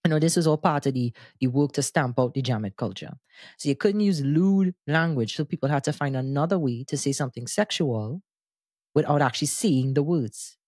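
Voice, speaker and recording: A man hosting a music podcast, explaining his views with animated enthusiasm in casual discussion. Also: on the high side, a little fast, dry recording, clean studio sound. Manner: animated, enthusiastic explainer who breaks into sung bits. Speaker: podcast host.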